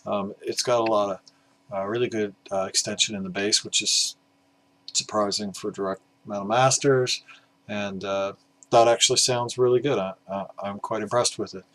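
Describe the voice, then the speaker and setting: A man with a lowish voice chats through his record finds in a loose, unscripted way. He stops and restarts often, leans on "uh," and drops in the occasional casual curse. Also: fairly bright tone, poor audio. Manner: rambling, hesitant, swears casually. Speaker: record collector vlogger. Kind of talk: casual vlog talk about vinyl records.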